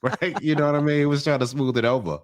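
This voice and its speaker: This New York-accented podcast co-host talks quickly in a highish voice while recapping a reality show. He tells the story with animation, performing people's quotes himself.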